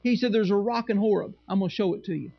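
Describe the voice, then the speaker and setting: A man's voice: high voice, fast, gravelly, highs cut off. A male pastor preaching a sermon in church, reading scripture and making sarcastic asides to the congregation.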